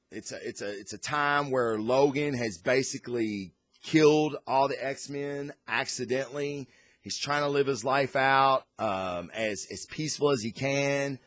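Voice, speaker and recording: A male host with a medium-pitched voice runs a casual comic and movie review, rambling excitedly with lots of fillers and restarts. There's no echo on the recording.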